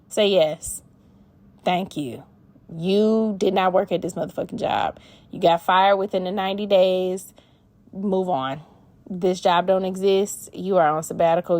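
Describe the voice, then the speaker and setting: A woman's voice: lowish voice, steady tone, moderate pace, a little mellow. Blunt profane woman podcast host. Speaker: podcast host answering listener emails. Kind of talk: casual advice chat.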